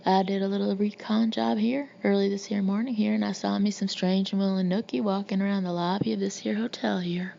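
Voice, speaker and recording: A woman's voice: medium pitch, little pitch movement, brisk, vocal fry, hardly any pauses, warm tone, highs cut off. Woman reading as a bellowing Texan Marine major. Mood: rowdy. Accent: Texas. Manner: bellowing, crude. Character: rowdy male Marine major, boastful.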